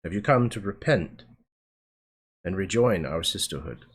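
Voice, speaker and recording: A man playing a stern, defiant older priestess who speaks coldly and slowly. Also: deep voice, expressive, breathy edge, full character voice. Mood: reproachful. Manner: cold, measured, reproachful.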